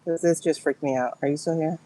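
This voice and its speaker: A woman's voice: low voice, steady tone, fast talker, mellow, low-quality recording. A woman giving a livestream tarot and pendulum reading, talking to her viewers in an emotional, exclaiming way.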